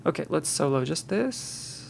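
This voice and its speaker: A man's voice: on the high side, animated, unhurried, vocal fry, a little hiss or hum. A man on a live stream, thinking aloud and muttering to himself, counting and correcting himself as he works.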